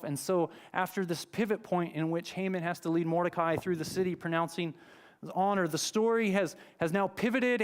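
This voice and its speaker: A man's voice: high voice, smooth. A man preaching in a church, retelling a scripture story in a conversational, dramatic way. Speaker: pastor. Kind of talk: sermon. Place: church sanctuary.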